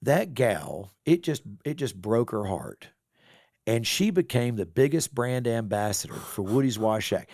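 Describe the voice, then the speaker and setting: A gravelly middle-aged man with a drawl tells a story on a podcast, his voice rising and falling as he plays every part himself. His voice sits fairly low and sounds close and dry, with no room around it. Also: unhurried, no echo. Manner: animated storyteller acting out both sides of a conversation. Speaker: car wash owner, podcast guest. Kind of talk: casual storytelling interview.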